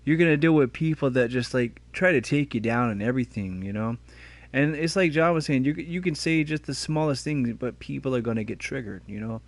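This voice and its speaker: A man's voice: medium pitch, a little fast, no room sound. Laid-back man with a dry delivery. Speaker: podcast guest, YouTuber. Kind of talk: casual podcast chat.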